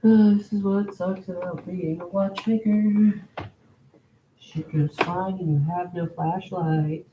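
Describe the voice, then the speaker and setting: A man's voice: high-pitched, steady tone, takes it slowly, lo-fi sound, noisy background. A man streaming as a hobby watchmaker, chatting casually and joking profanely while he works. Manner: profane, joking, talks to himself. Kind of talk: casual live-stream commentary while working.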